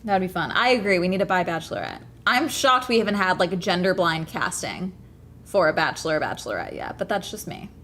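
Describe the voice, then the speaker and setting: A woman's voice: fairly low pitch, expressive, fairly quick, a bit bright, slight background noise. A woman streamer chatting casually to her viewers, ranting hard and swearing a lot. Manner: ranting, profane, fired up. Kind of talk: casual livestream chat.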